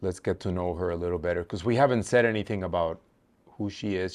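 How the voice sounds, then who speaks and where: Low-voiced man leading a songwriting workshop. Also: quick pace. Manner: thinks aloud with frequent "uh" fillers; counts syllables aloud, patient and explanatory. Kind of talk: teaching a workshop.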